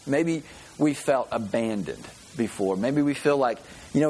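Husky-voiced man preaching a casual sermon. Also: medium pitch, expressive, measured pace, warm tone. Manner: folksy storytelling with frequent restarts. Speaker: pastor. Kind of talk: conversational sermon.

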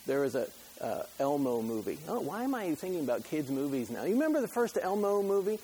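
A man's voice: on the high side, very animated, fairly quick, hardly any pauses, dark tone, breathy edge, poor audio. A middle-aged man preaching a sermon in a conversational, joking way, full of rhetorical questions. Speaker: pastor.

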